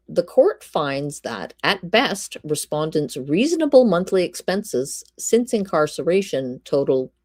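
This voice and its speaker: A woman's voice: deep voice, darkish tone, dry recording. A woman reading a court ruling aloud on a live stream, stopping now and then to greet chat and drop dry quips. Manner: reads legal text aloud, breaks off to greet chat and make dry quips. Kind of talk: live-stream read-through with asides to chat.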